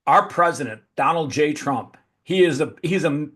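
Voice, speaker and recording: A man's voice: a little high, moderate pace, fairly bright tone, breathy edge. A man hosting a podcast, telling stories bluntly and swearing constantly in casual conversation. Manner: blunt, profane storyteller. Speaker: podcast host.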